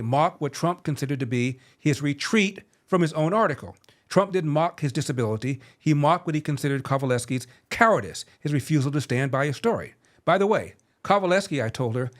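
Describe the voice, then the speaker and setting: Man, 70s, podcast host, political commentary, sardonic storytelling. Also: medium pitch.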